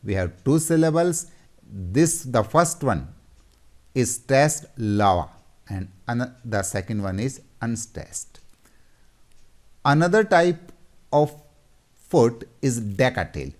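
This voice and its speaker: A man teaching a lesson, explaining slowly and deliberately, repeating terms and pointing at examples on a board. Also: medium pitch, big pitch swings. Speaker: English teacher.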